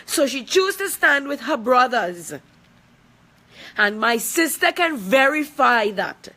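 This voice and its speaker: A woman's voice: high-pitched, very animated, slow pace, pushed and bright. A woman, speaking out in a confrontational, emphatic personal video, repeating points for force. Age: 40s. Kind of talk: angry personal video statement.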